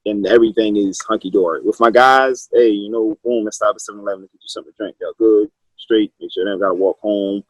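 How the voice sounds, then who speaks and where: A man's voice: lowish voice, fairly even intonation, fast talker, hardly any pauses, no echo, rough recording. A man in his thirties, a wrestling coach from Maryland, talking loosely with restarts in a casual interview. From Maryland, USA. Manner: loose, rambling storytelling with many restarts. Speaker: high school wrestling coach, guest.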